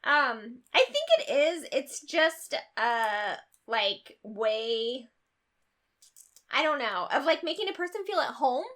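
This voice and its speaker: A woman's voice: high voice, animated, takes it slowly, a bit bright. A woman from Northern California, a mom and podcast co-host, chatting casually and laughing often. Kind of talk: casual chat.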